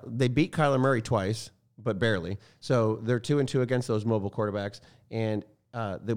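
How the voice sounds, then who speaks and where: Fast-talking excitable man on sports chat. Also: on the low side. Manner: excitable, rambling, frequent self-corrections. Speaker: sports podcast co-host.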